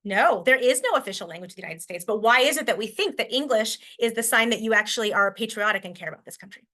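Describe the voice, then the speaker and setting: A woman's voice: fairly high pitch, expressive, fast, pushed and bright. A woman teacher from Washington State giving a conference talk on language in classrooms, chatty and thinking aloud with fillers and restarts. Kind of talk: conference presentation.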